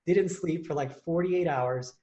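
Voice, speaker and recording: Podcast host, male, young adult, fairly high voice, animated and rambling. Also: normal speed, dull audio. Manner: animated storytelling, many fillers and restarts. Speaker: podcast host and contest prep coach. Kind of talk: casual chat.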